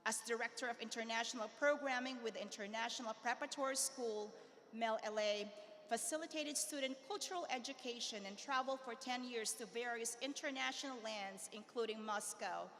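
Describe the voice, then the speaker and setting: A woman's voice: fairly high pitch, a bit bright. A woman reading a formal introduction of a speaker at a school ceremony, stumbling now and then. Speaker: school presenter. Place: large hall. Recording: hall reverb, faint noise.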